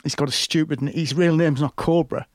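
A man's voice: fairly high pitch, steady tone, a little fast, no room sound, clean studio sound. A man telling a long film story in a casual chat, rambling with many fillers and restarts.

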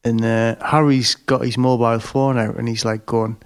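A man co-hosting a casual podcast, joking deadpan and swearing. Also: medium pitch, normal speed, smooth. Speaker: podcast co-host. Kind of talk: casual chat.

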